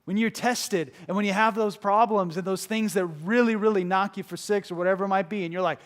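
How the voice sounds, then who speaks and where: A man's voice: high voice, steady tone, brisk, hardly any pauses. A man preaching a sermon in an earnest, emphatic way, repeating key phrases for weight.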